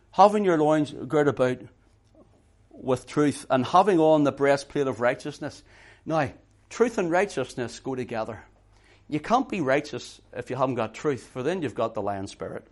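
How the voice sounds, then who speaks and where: A middle-aged man preaching a sermon, swinging between hushed intimate talk and loud emphatic preaching, repeating words for emphasis. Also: fairly high pitch.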